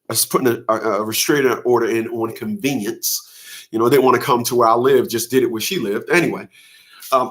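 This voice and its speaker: A middle-aged man hosts a casual monologue straight to the camera. He talks in an animated, rambling way, cursing freely and often restarting his sentences. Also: mid-range voice. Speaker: father's rights advocate and host. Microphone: camera facing the speaker.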